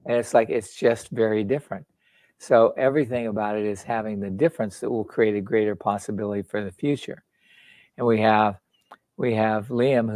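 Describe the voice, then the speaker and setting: Older male guest, low dry voice, blunt and salty, jokey storyteller. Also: darkish tone, no room sound. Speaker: author and founder, interview guest. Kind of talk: casual conversation.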